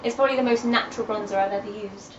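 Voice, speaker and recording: A woman's voice: medium pitch, steady tone, rapid-fire. A young woman, chatting and giggling as she talks through her favourite makeup products. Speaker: beauty vlogger. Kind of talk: casual chat about makeup favourites. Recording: echoey dull room audio with faint hiss.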